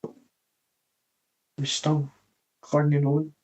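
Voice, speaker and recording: A man's voice: on the high side, monotone, slow pace, darkish tone, rough recording. A man vlogging in a meandering, rambling casual chat, swearing casually.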